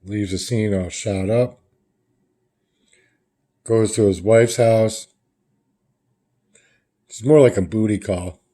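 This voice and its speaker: Low, mellow-voiced man recapping comics. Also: slow, long pauses. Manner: loose, rambling retelling of comic panels. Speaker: comic book reviewer. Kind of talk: casual comic book recap.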